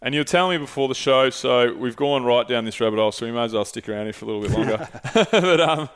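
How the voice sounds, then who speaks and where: Man, Australian accent, podcast host, rambling casual rant, clear voice. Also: medium pitch, lively intonation, quick pace. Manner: rambling, swears freely, loses his thread. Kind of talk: casual chat.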